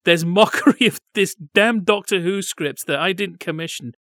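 Wry, rambling man with a fairly high voice. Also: normal speed, a bit bright, no echo, studio quality. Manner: discursive, wry, talks in long asides. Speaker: podcast co-host. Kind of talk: casual analytical chat.

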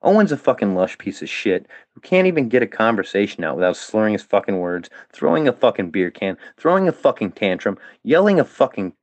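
In an all-out tirade, a man who once admired a comedian curses constantly and hurls challenges at those he holds responsible, his voice swinging from lows to sharp highs. He's very animated, fairly quick with few pauses, and the audio is dry, dull and muffled like a lo-fi recording, with no echo.

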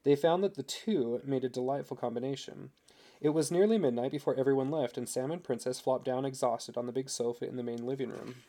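A man narrating a story in a steady, unhurried reading voice. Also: mid-range voice. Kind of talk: audiobook narration.

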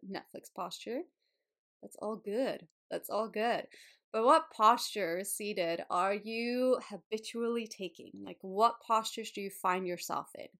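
A bubbly woman hosts a wellness podcast, talking casually and breaking into laughter often. She swears lightly and keeps an upbeat, encouraging manner at a middling pitch. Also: a bit bright. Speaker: podcast host.

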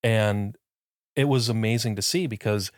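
A man's voice: lowish voice, moderate pace, no echo, clean studio sound. A man co-hosting a podcast in casual chat, talking supportively about his partner. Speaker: podcast co-host.

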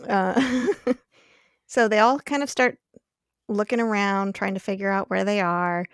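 A woman's voice: medium pitch, fairly even intonation, smooth, no echo, studio quality. A woman guest on a podcast, casually recapping an episode and laughing often. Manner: giggly, quick to laugh.

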